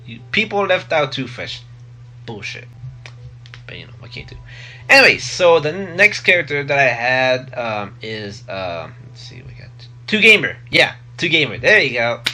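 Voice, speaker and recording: A young man talking casually into a close mic for his vlog, rambling with many pauses and restarts. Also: mid-range voice, big pitch swings, bright, forceful tone, soft background music. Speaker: vlogger. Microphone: close desk mic.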